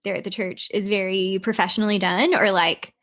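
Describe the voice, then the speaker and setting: A woman's voice: medium pitch, fairly even intonation, fairly quick, a bit bright. A woman hosting a casual podcast interview, chatting and backing up her guest with frequent short affirmations. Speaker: podcast host.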